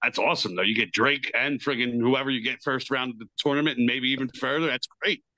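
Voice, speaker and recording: Bright-voiced enthusiastic male co-host. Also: medium pitch, fast, no echo, low-quality recording. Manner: enthusiastic, swears casually. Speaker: podcast co-host. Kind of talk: casual podcast chat.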